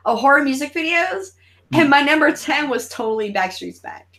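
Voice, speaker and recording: Profane, high-voiced woman host. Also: moderate pace, over a noisy crowd, poor audio. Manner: profane, animated and joking. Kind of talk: casual chat during a live movie watch-along.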